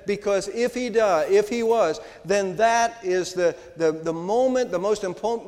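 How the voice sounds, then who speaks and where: An older man, a pastor, preaching an Easter sermon in a church, with emphatic rises and slow, stressed words. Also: sits high, darkish tone. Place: church sanctuary. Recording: long hall reverb.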